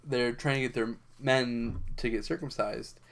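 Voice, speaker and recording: A man chatting casually, his voice sitting at an ordinary middle pitch. He tells a story loosely, stopping and restarting his sentences as he goes. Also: steady tone, unhurried, creaky. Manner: rambling storyteller, lots of fillers and restarts. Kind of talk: casual chat.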